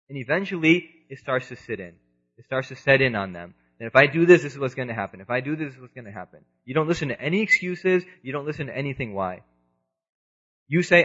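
A man's voice: medium pitch, expressive, fast, fairly bright tone. Earnest male preacher, lo-fi sound. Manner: earnest, emphatic, acts out quoted voices. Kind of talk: Islamic sermon. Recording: dull lo-fi sound.

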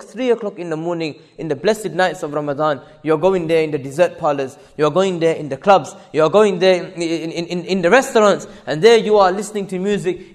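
A man's voice: high-pitched, long reverb tail. A male preacher giving an impassioned sermon to women, hammering home repeated rhetorical questions. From United Kingdom.

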